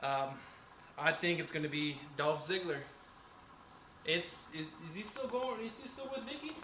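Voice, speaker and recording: A man's voice: a little high, moderate pace, bright, forceful tone. A man co-hosting a casual wrestling chat, announcing each match and giving his pick. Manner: announcer-like, reads out match cards. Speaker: co-host. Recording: echoey room with faint noise.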